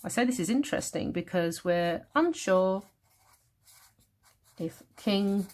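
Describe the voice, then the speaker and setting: A woman with a British accent teaching a revision lesson. She thinks aloud, corrects herself and reads verse lines slowly. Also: medium pitch, expressive, a little mellow. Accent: British English. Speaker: English literature tutor. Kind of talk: revision lesson, annotating a text.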